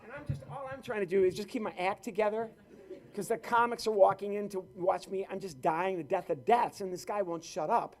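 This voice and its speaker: A male comedian and ventriloquist doing live stand-up with crowd work on stage at a corporate event, telling stories in a lively, playful way. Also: high voice, a little fast.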